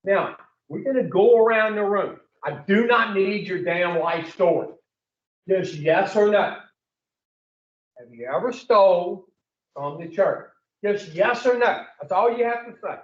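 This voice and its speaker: A man's voice: sits high, measured pace, echoey room, recorded from a distance, dull audio. A man giving a blunt, profane recovery talk to a group, telling his story and putting questions to the room. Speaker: recovery speaker.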